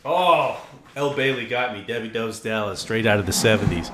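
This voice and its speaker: A man's voice: fairly low pitch, normal speed, noisy background. A man co-hosting a casual live stream, joking, rambling and swearing as he runs giveaways and trivia. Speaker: co-host running giveaways.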